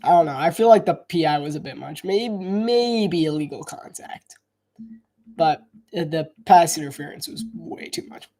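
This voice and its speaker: A sports commentator with a warm, slightly high voice and lively intonation calls a football game live at a moderate pace. He keeps it casual and talkative, thinking out loud, hedging, and restarting frequently.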